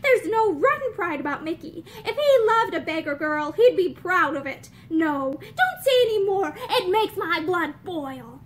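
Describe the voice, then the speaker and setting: Brash, outspoken young woman, high and lively, emphatic and exasperated; played by a female reader. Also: measured pace, few pauses, slight background noise. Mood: cross.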